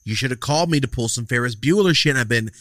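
A podcast host, a man who talks fast in casual chat. He teases his guest in a brash, profane way. His voice sounds dry and close, with no room echo. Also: medium pitch, a bit bright.

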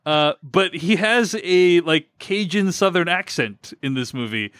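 A man with a slightly higher voice talks through a movie in a loose, rambling way, restarting sentences and padding with fillers. The sound is dry and close, with no room around it. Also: animated, measured pace, a bit bright, no echo. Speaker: podcast co-host. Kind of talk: casual film review chat.

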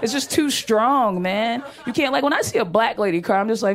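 A woman's voice: a little high, lively intonation, fairly quick, hardly any pauses, a little hiss or hum. A young woman doing a stand-up comedy set on a club stage, brash and profane, laughing through her punchlines into a handheld mic.

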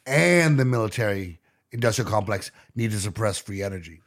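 A man's voice: on the low side, animated, fairly quick. A man co-hosting a podcast in casual chat, rambling through stories and trailing off. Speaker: podcast co-host.

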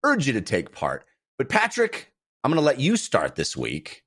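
A man's voice: medium pitch, huge pitch swings, normal speed. A man hosting a games podcast, joking and rambling through casual chat and segment introductions. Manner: jokey, rambling, warm segment reads. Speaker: podcast host.

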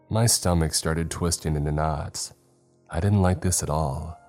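A man narrating a first-person horror story in a tense, measured way. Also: very deep voice, steady tone, a little mellow, faint music behind.

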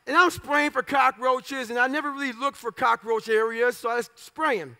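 A man's voice, pitched unusually high and edged with a gravelly rasp, rolls out a motivational speech. He talks in short, punchy fragments and keeps it raw with swearing and jokes at his own expense. The tone is bright and sharp. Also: steady tone, normal speed, hardly any pauses. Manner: blunt, profane, self-mocking humor; punchy clipped phrases. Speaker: motivational speaker.

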